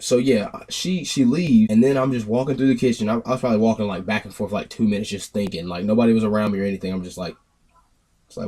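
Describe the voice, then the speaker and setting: A young man spins a rambling storytime to his viewers. His voice sits low and mellow with a husky edge, and he slips into other people's lines as he goes. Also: brisk. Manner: rambling, animated retelling with acted-out quotes. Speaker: vlogger telling a story. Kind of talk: casual storytime monologue.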